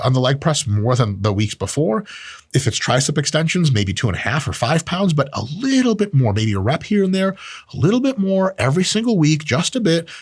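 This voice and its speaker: Sex: man. Pitch: lively. Style: profane, jokey training talk. Sound: dry. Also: husky, no room sound. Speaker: strength training educator. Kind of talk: casual explanatory talk.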